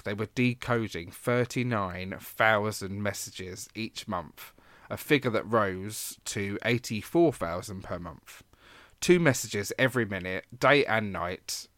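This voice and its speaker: A man's voice: lowish voice, expressive, a little slow, fairly bright tone, dry recording. A man co-hosting a casual podcast, explaining history with frequent ums and restarts. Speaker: podcast co-host.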